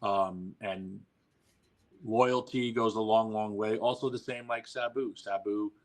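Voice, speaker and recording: A man's voice: lowish voice, steady tone, measured pace. A man guesting on a podcast, telling stories animatedly, acting out quoted lines and swearing freely. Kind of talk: casual storytelling.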